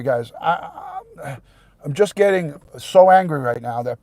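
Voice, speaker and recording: A man's voice: fairly high pitch, expressive, measured pace, dry recording. Blunt profane New man, dry sound. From New York. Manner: blunt and profane, heated and shouting at times. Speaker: retired police detective, channel host. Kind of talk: live stream rant to viewers.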